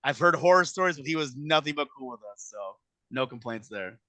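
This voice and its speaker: A man in his thirties telling a casual story, animated and profane, acting out quotes in exaggerated voices. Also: on the high side, a little fast, no echo. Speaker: podcast guest telling a wrestling story.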